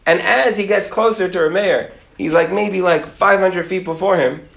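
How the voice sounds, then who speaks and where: A man's voice: sits high, moderate pace, creaky, fairly bright tone, roomy sound. A middle-aged man, a rabbi, telling a dramatic story and acting out its characters, dropping Yiddish and Hebrew words. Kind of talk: animated storytelling talk.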